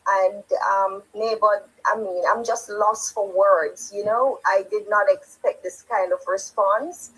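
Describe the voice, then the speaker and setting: A woman moderating a live stream, soft-spoken and grateful in casual chat. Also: mid-range voice, breathy edge, low-quality recording.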